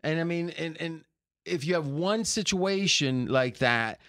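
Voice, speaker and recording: Animated, higher-voiced male sports pundit. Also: unhurried, no room sound, studio quality. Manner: animated, argumentative, thinks aloud with restarts. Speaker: sports betting analyst guest. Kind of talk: casual sports talk.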